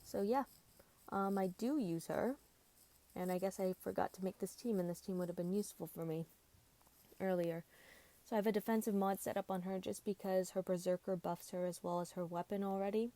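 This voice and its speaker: A woman's voice: mid-range voice, steady tone, fairly quick, warm tone. A tired woman streaming a mobile game at home, chatting casually and rambling about her team. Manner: rambling, chatty, self-deprecating. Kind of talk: casual gameplay commentary.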